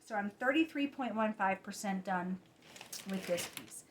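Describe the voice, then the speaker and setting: A woman's voice: mid-range voice, moderate pace. Tired chatty woman with a lilt. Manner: chatty, self-correcting, drops to soft asides. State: tired, late at night. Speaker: cross-stitch vlogger. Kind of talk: casual chat. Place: home at night.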